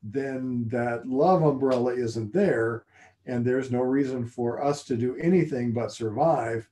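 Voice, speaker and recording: A man co-hosting a casual faith discussion, thoughtful and halting, often restarting his sentences. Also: medium pitch, warm tone. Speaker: co-host.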